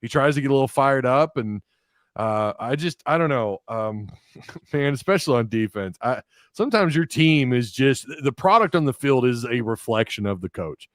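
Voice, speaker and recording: A man hosting a casual sports talk show, animated and quick to laugh. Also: mid-range voice, dry recording, clean studio sound. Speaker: podcast host.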